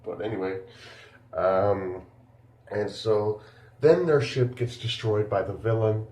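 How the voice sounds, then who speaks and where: A man's voice: lowish voice, takes it slowly, a little mellow, roomy sound. A man giving a casual spoken film review, rambling and incredulous, full of fillers.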